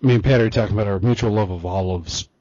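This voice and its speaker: A man's voice: lowish voice, rapid-fire, crowd noise. A man hosting a casual, boozy podcast over a call, easygoing and swearing, setting up the call himself. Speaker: podcast host. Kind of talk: casual drunken chat. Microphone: computer mic on a call. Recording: dry, dull lo-fi call audio.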